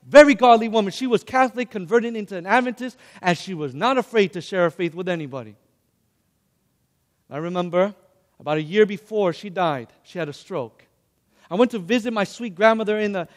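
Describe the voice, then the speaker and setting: A man's voice: high-pitched, in a large hall. A male preacher telling a personal story in an emotional sermon, addressing the congregation.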